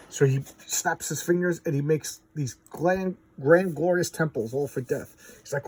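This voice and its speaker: A man's voice: a little high, a little slow, darkish tone, slightly rough. A man chatting casually as a comic book reviewer, rambling with lots of fillers and restarts. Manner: rambling, filler-heavy, enthusiastic. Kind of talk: casual chat. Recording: distant mic.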